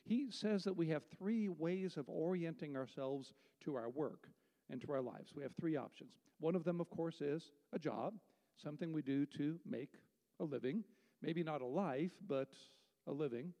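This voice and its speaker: A man delivers an emphatic, rhetorical sermon from the pulpit. His voice sits a little high yet sounds mellow and warm. A long reverb trails each phrase, as in a large sanctuary. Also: moderate pace. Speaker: pastor.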